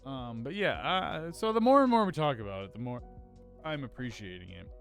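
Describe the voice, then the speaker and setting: A young man with a mid-pitched voice chats casually as a film podcast co-host. He hedges and fills his sentences with "like". Faint music plays underneath. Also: sing-song, moderate pace, vocal fry, a bit bright. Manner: loose, hedging, many "like"s.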